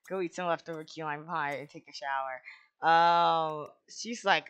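Excitable bright-voiced game commentator. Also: mid-range voice, normal speed, clean tone. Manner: excitable, bursts into squealing shouts; goofy mild exclamations. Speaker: let's play host. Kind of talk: casual gameplay commentary.

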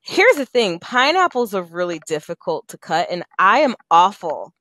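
Woman, radio co-host, lowish voice, dry close sound, relaxed casual chat, laughs often. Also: normal speed, no room sound.

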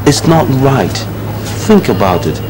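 A man's voice: mid-range voice, big pitch swings, measured pace. An arrogant young man brushing off his fiancée. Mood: lecturing. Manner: lecturing, condescending. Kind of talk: film drama acting. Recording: noisy film soundtrack.

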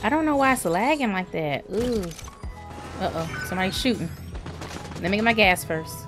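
A woman streaming a shooter game, reacting with loud cries to the Lord and rapid repeated words. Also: mid-range voice, over music. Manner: excitable, exclaims to the Lord and Jesus, repeats words fast. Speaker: gaming channel host. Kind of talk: live gameplay commentary.

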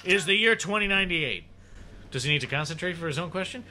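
A man's voice: high-pitched, lively intonation, fast talker, sharp tone, slight background noise. A man co-hosting a casual podcast chat who, as a running bit, phrases everything he says as a question. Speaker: podcast co-host.

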